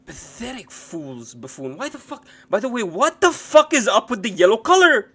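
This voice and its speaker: High-voiced guy ranting on stream, swears a lot, voice jumps all over the place. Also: sing-song, moderate pace, breathy edge. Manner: profane, mocking, swings between muttering and yelling. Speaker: streamer reacting to videos. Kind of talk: live reaction stream, casual rant.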